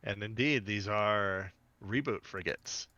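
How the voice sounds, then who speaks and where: A man's voice: lowish voice, bright, forceful tone, no room sound, muffled recording. A man co-hosting a podcast in casual chat, talking loosely with lots of fillers and jokes. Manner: chatty, filler-heavy, quick to joke. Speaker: podcast co-host.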